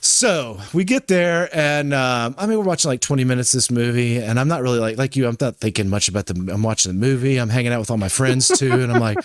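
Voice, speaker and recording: A man's voice: medium pitch, quick pace, hardly any pauses, no echo, studio quality. A man in his forties, a podcast host, casually telling a story and swearing freely as he acts out what people said.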